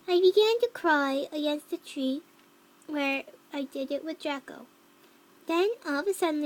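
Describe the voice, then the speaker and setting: A woman voicing a young cat-girl troll who reads a fanfic aloud, with flat narration, mocking asides and yelled quotes. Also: sits high, close to an everyday voice. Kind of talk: fan reading of a story.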